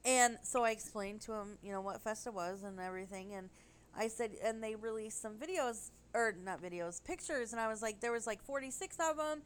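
A woman telling a rambling, animated story in casual chat. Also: a little high, fairly quick, slight background noise, rough recording.

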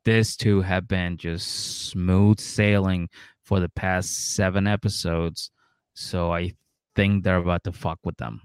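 A man's voice: sits low, flat delivery, slow pace, clear, resonant tone, no echo, studio quality. A man co-hosting a podcast, recapping a reality show in a laid-back, rambling, swearing way. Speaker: podcast co-host. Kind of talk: casual recap chat.

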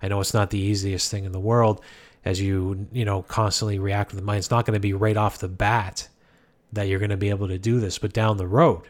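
A man talking calmly through life advice in a casual, rambling way, often restarting his sentences. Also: on the low side, a little fast. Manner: calm, rambling, many restarts. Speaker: speaker giving life advice. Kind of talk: casual self-help talk.

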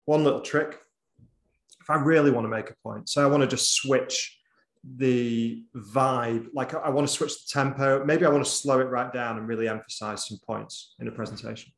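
Gravelly-voiced man giving a roomy online talk. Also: mid-range voice, fairly even intonation, moderate pace. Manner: conversational, varies volume and tempo, drops to near whisper at times. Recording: roomy echo.

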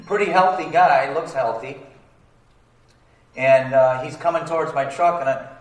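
A pastor preaches a sermon in a plain, colloquial way, asking the congregation for amens. His voice sits a little high for a man. He sounds set back from the microphone, with a roomy echo around him. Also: a little slow. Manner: call-and-response, asking for amens. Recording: roomy sound, distant from the mic.

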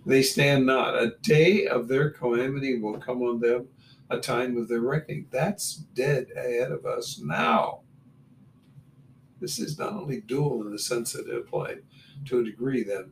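A man's voice: mid-range voice, gravelly. A man reading Bible verses aloud and adding blunt comments between them. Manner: reads verses then adds blunt asides. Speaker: Bible teacher. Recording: roomy, distant mic with faint room noise.

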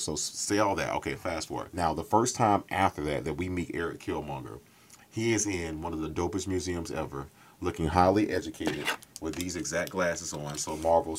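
Podcast co-host, male, low-pitched, heated and profane, pushes into loud bursts. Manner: passionate, profane, builds to loud outbursts. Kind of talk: casual podcast debate.

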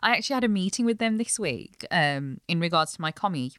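A woman's voice: lowish voice, animated, fast talker, fairly bright tone, dry recording, clean studio sound. A young adult woman, a chef and business owner, chatting earnestly in an interview and explaining at length. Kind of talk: casual interview chat.

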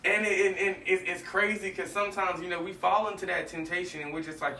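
A man talks about faith in casual conversation, his voice bright and forceful as he acts out stories with lively energy. He sits a little away from the mic, and the room around him is noticeably echoey, with a faint hiss of noise underneath. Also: sits high, brisk, few pauses, distant mic. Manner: animated storytelling, acts out dialogue.

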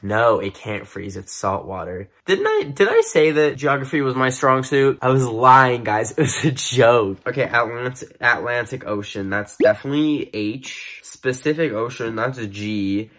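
A man in his twenties talking to camera in a casual, playful vlog, mocking himself and jumping between loud outbursts and mumbled asides. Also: medium pitch, sing-song, unhurried, few pauses. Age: 20s. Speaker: YouTuber. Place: room with bookcases.

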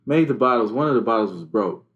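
A man in a relaxed chat with his siblings, telling a childhood story in an easygoing way. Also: mid-range voice, quick pace, muffled recording. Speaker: sibling sharing family stories. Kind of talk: casual family chat.

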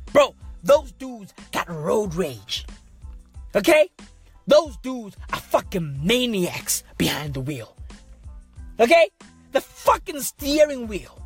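A woman's voice: on the high side, husky. A woman hosting a podcast from inside a parked car, delivering a crude, repetitive comedic rant. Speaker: podcast host.

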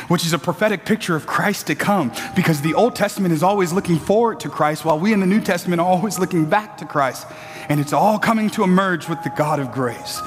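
A male preacher with a high, bright voice delivers a lively sermon, climbing to shouted peaks and breaking into playful asides to the congregation. His voice rings through a large church sanctuary with a long reverb. Soft music plays underneath. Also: quick pace.

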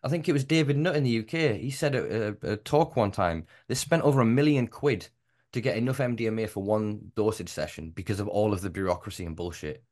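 A man with a fairly low voice hosts a casual podcast chat. He talks in long, heated run-on stretches and swears freely. He is passionate and keeps going. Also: brisk, a little mellow. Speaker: podcast host.

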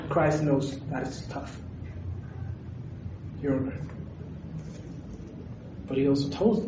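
A man preaching a sermon, animated and questioning his audience directly. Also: on the high side, noisy background. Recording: echoey hall recorded from a distance.

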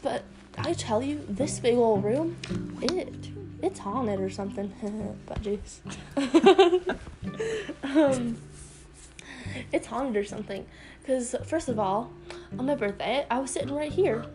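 A young woman chats slowly and aimlessly from her bedroom, giggling and trailing off with ums. Her voice sits a little high. Music plays clearly behind her. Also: expressive, poor audio. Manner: giggly, meandering, many ums. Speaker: vlogger. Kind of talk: casual rambling chat. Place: bedroom at home.

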